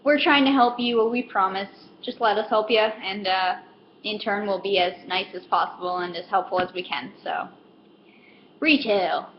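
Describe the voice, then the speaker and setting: A woman's voice: medium pitch, normal speed, dull audio, slight background noise. A woman who works in retail, rambling through a casual comedic rant with lots of fillers and self-deprecating asides. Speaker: retail store worker.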